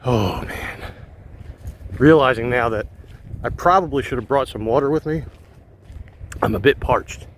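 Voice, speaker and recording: A man vlogging while he walks wooded park trails, thinking aloud in a relaxed way with frequent pauses, filmed on a phone held on a gimbal. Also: mid-range voice, slight background noise. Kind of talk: casual walking narration.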